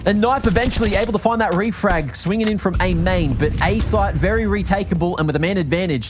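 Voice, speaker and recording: A man from Australia with an Australian accent, calling esports play-by-play with quick, excited reads of the action. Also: high voice, background noise. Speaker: esports caster. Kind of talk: play-by-play commentary.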